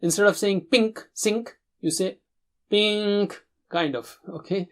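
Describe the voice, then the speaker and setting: A man teaching Quran recitation in English, speaking patiently and drawing out words slowly for learners to repeat, with chanted recitation of verses. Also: sits high. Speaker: tajweed teacher.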